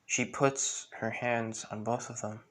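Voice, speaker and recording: A man narrates a fan story in a rambling way, filling gaps with "pretty much" and restarts. His voice stays flat and level at a middle pitch. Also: slow. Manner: rambling, full of fillers.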